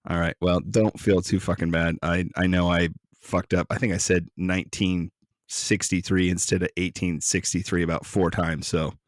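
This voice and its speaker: Very deep-voiced joking man, dry mic. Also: normal speed, no room sound. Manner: joking, profane, relaxed. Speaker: podcast co-host. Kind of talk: casual podcast chat.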